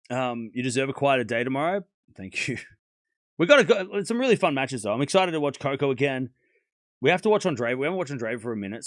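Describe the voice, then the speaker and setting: A man's voice: mid-range voice, no room sound, studio quality. Blunt man with a sore throat. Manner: blunt and animated, scolding chatters, swearing. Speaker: tennis livestream host. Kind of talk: casual livestream chat to viewers' comments.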